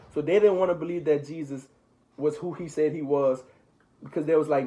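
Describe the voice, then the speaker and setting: A young man leading a Bible study for his little brother, reading passages and retelling them in relaxed slang. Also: fairly high pitch, a little fast, rough recording. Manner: paraphrases scripture in relaxed slang. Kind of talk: casual Bible reading and explaining.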